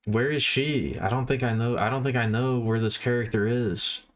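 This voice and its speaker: A man's voice: medium pitch, moderate pace. A man livestreaming, rambling casually and poking fun at himself while chatting with his viewers.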